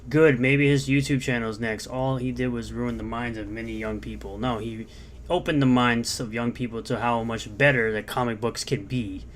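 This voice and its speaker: A man in a played video clip, sarcastic and exasperated as he reacts to posts. His voice is of middling pitch, with faint noise behind it. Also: steady tone, normal speed. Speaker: online commentator in a played clip.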